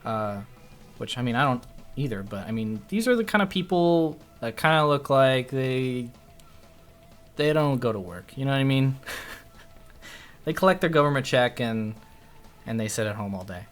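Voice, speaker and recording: A man's voice: medium pitch, lively intonation, normal speed, pauses often, soft background music. A man streaming live, telling a story casually in a rambling, profane way that keeps restarting its sentences. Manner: rambling, profane, self-interrupting. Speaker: livestreamer.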